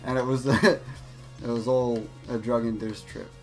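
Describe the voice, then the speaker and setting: Young guy swearing his way through a wild story mid-game, mid-pitch voice, bit of music low behind him. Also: level tone, a little slow, a little mellow. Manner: rambling, profane, laughing, with many restarts. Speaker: gaming channel host. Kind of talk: casual storytelling over gameplay.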